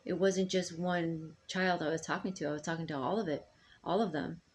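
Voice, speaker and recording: A middle-aged woman speaking to her sons in a rambling, halting personal monologue full of ums and restarts. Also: on the low side, steady tone. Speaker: mother addressing her sons.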